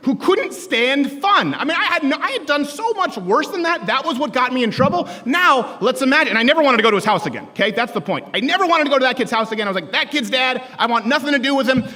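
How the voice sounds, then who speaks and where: A man from Canada giving a comedic political talk to college students, animated and joking, with bursts of shouting, in a large hall with long reverb. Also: very high voice, fast, few pauses. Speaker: speaker addressing college students.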